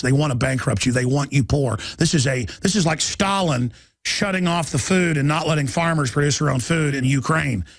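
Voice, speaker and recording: A man delivers an urgent, agitated talk radio monologue in a high-pitched voice, reading headlines aloud in rapid bursts and pushing into shouts. The recording is dry and close, with no room sound. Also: no room sound. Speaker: radio host.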